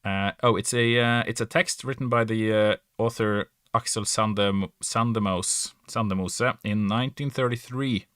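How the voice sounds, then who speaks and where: A man's voice: on the low side, steady tone, moderate pace, hardly any pauses, fairly bright tone, smooth, no echo, studio quality. A man from Norway with a Norwegian accent, a native Norwegian speaker, chatting casually in English, hesitant and self-correcting with frequent laughs. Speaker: podcast guest or player. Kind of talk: casual chat.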